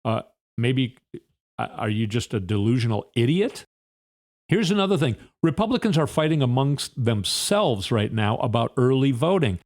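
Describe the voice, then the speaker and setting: A man hosting a solo commentary show, his voice sitting at a middle pitch. He talks in a fired-up, indignant way, stacking one rhetorical question on top of another. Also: darkish tone. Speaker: podcast host.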